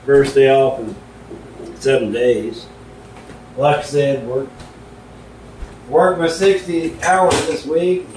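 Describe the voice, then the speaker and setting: A middle-aged man, a vlogger, telling folksy stories in a laid-back, unhurried way while he cooks at home, away from the camera. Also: fairly even intonation, a little mellow. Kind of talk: casual storytelling while cooking. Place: home kitchen. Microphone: camera left far from the speaker. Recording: roomy and distant, faint rumble.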